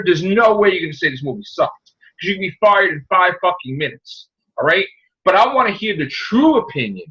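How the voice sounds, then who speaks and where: A man's voice: sits high, pushed and bright, highs cut off. A man hosting a podcast, ranting angrily about a movie with lots of profanity and heated, mocking delivery. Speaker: podcast host. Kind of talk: angry movie rant.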